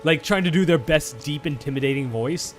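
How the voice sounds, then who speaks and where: A man hosting a let's play, chatting casually about the game he plays, excitable, swearing and restarting his sentences. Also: a little high, brisk, soft background music. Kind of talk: casual gameplay chat.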